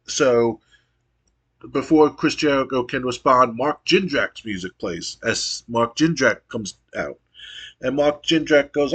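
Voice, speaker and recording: A man's voice: mid-range voice, slow pace, a bit bright, slightly rough. A man narrating a wrestling sim playthrough as a game streamer, giving a play-by-play recap with casual asides.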